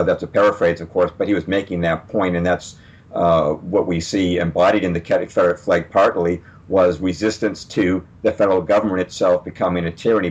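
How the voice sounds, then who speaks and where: A man being interviewed on radio as a guest author, explaining at a measured pace with frequent fillers. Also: sits low, husky, lo-fi sound.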